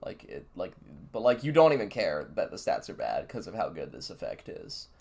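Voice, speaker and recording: A man's voice: sits low, moderate pace, vocal fry. A man co-hosting a podcast, rating cards in casual, rambling chat with lots of fillers. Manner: rambling, filler-heavy, excited. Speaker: podcast co-host. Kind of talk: casual card-review chat.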